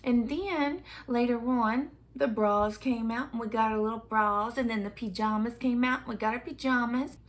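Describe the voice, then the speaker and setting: Animated, laughing woman telling a story. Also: on the high side, normal speed, few pauses. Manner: animated, laughs often between phrases. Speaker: vlogger. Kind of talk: casual storytelling.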